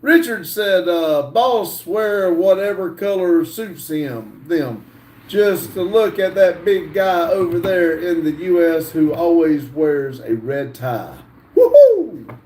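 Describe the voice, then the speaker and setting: A man hosts a livestream and reads viewer chat aloud, taking his time and pausing on "uh". His voice is mellow and dark. He is heard from some distance in a roomy space. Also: on the high side. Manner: slow, halting reading with frequent "uh" fillers. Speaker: livestream host.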